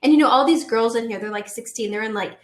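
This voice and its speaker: Young woman guest, talky storyteller, slightly high voice, roomy echo. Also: fast talker. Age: 20s. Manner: animated, chatty, filler-heavy. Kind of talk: casual storytelling.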